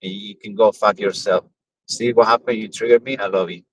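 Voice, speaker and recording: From inside his car, a ride-share driver chats on a live stream, joking, swearing, and repeating words in a sing-song way. His voice is on the low side with fairly even intonation and normal speed, and the recording is rough.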